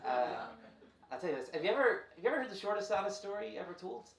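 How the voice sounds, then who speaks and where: Heard from a distance, a man with a Northern Irish accent performs stand-up into a handheld mic on a club stage, his voice high, sing-song and fast. He's playful and self-mocking as he riffs with the crowd, and the echoey room carries audience noise.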